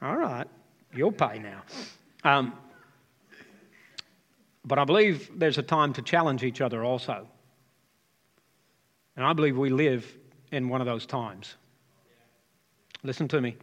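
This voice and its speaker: A man's voice: mid-range voice, lively intonation, a little slow, pauses often, fairly bright tone. A man in his fifties, a pastor, preaching a sermon and joking with the congregation. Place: church hall. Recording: live hall reverb.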